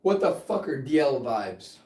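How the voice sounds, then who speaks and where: Man, podcast co-host, blunt profane banter, mid pitch, roomy and off-mic. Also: very animated, unhurried, mellow, distant mic. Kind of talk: casual chat.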